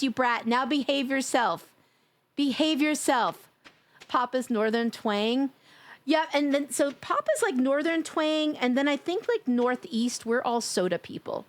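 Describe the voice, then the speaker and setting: A woman from New York chatting casually and teasingly with her viewers while live-streaming a game, laughing often. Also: high voice.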